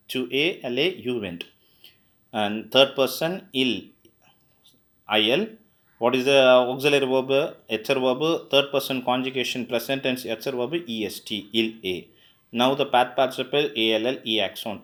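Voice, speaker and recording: A man's voice: mid-range voice, fairly bright tone. Man teaching grammar, spelling words aloud. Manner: patient, asks questions then answers them himself. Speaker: French teacher. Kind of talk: classroom grammar lesson.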